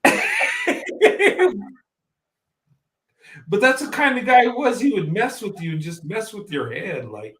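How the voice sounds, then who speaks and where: A man, a guest, telling a story in a casual, animated way and laughing often. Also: high-pitched, fairly quick, few pauses, roomy sound.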